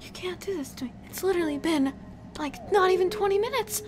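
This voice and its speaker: A young woman playing through a video game, reacting out loud with excitement, emotion and pleading. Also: extremely high pitch, a little fast, a little hiss or hum. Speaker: let's play gamer. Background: faint game music.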